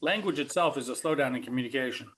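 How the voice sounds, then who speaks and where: A man's voice: mid-range voice, fast talker, a bit bright. A man co-hosting a casual tech podcast, thinking aloud and joking as he goes. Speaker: co-host.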